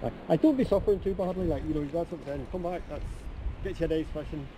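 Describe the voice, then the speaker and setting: Fast, dark-voiced Scottish man. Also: fairly high pitch, a little hiss or hum, rough recording. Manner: rapid, repetitive, friendly, says aye a lot. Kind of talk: casual conversation. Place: outdoors by a river.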